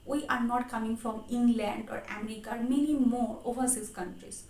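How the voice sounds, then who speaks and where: A woman's voice: a little high, fairly even intonation, a little fast, a little mellow. A woman from India with an Indian accent, giving an earnest motivational English lesson and often adding "okay" and "my dear friends". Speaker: English-speaking coach. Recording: echoey room with faint ambience.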